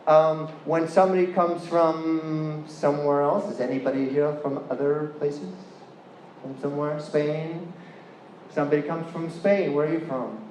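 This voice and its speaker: A man's voice: a little high, little pitch movement, measured pace, a little mellow, a little hiss or hum. Chatty man with a Californian accent. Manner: chatty, playful, asks the audience questions. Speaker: guest lecturer. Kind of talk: university lecture to an audience. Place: lecture hall. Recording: echoey hall with faint room ambience.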